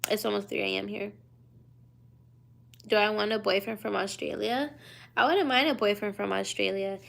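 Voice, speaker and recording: A sleepy young woman in her twenties chats on a late-night livestream. Her voice has a gravelly, fry-heavy edge at an ordinary middle pitch. She reads out viewer questions and answers them in an easy, slangy drawl, yawning her way through. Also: fairly even intonation, normal speed. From United States. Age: 20s. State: tired and yawning. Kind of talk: casual livestream chat. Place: hotel room at night.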